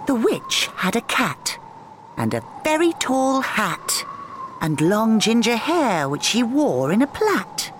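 A woman narrating a children's storybook aloud in a lively, sing-song rhyming delivery. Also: on the high side, slow pace, noisy background. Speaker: audiobook narrator. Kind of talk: expressive storybook read-aloud.

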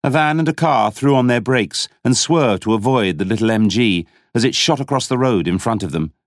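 A man reading a novel aloud as an audiobook narrator, in a dramatic, expressive style. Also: mid-range voice, fairly quick, dry recording, studio quality. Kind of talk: scripted narration.

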